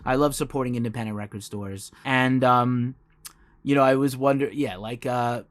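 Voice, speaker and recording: A man from New York hosts a casual podcast interview, talking eagerly and laughing easily. His pitch sits in a middle range. The sound is close and dry. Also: fairly even intonation, moderate pace, no echo. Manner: enthusiastic, chatty, laughs easily. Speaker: podcast host.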